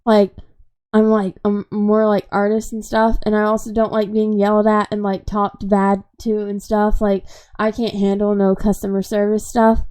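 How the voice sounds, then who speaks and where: A woman's voice: medium pitch, completely flat delivery, normal speed, a little mellow, clean tone. Young woman venting in a rambling way. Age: 20s. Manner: rambling, heavy use of "like" fillers; upset, sarcastic, frustrated. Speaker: vlogger. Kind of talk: unscripted emotional venting.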